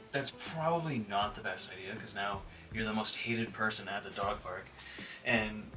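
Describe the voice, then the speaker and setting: A man with a low, forceful and bright voice talks casually to the camera as a dog trainer, full of filler words and small acted-out bits. He sounds a little distant from the mic, and faint music plays underneath. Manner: conversational, frequent filler words, acts out quoted dogs and owners.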